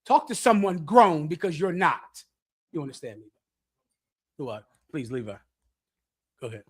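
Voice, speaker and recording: A middle-aged man preaching bluntly to young listeners, lecturing and swinging between loud and hushed delivery. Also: a little high, big pitch swings, normal speed, husky. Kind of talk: street sermon with audience questions.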